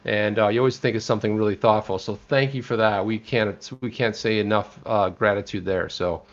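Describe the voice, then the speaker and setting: An American man co-hosting a casual live stream, rambling and animated with frequent restarts. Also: fairly low pitch, brisk, lo-fi sound. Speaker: co-host.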